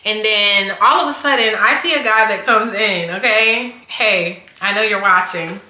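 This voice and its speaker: A woman's voice: medium pitch, normal speed, bright, forceful tone. A young woman telling a casual storytime, chatty and full of "like" and restarts. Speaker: vlogger. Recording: echoey room.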